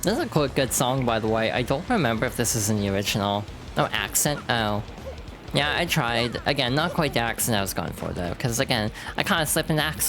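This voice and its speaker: A woman streamer chatting casually over gameplay, self-deprecating and relaxed. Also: a bass voice, fairly quick, music in the background. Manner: chatty, self-deprecating, reads game text aloud.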